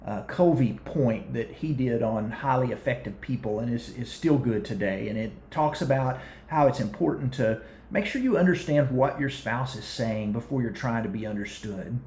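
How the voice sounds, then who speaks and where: A man co-hosting a marriage advice show, talking fast and energetically with frequent restarts. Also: medium pitch, darkish tone, roomy sound, slight background noise. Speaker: co-host of a marriage talk show. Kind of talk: casual advice talk.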